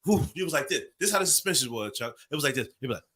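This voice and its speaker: Animated man telling a story. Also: mid-range voice, very fast. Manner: animated, acts out voices and sounds. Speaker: podcast co-host. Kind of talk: casual storytelling.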